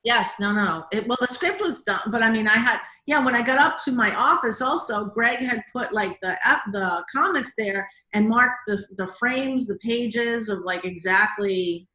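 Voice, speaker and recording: A woman director speaking in an interview, telling animated stories full of quoted reactions and frequent "like"s. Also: on the high side, normal speed, hardly any pauses, reverberant. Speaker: guest, TV director. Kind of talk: casual interview storytelling.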